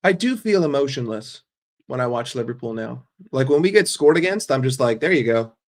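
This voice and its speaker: Reading his chat out loud on a casual football stream, a man replies with sarcastic, blunt takes full of profanity. His medium-pitched voice is a little mellow, with lively intonation and a slightly fast delivery.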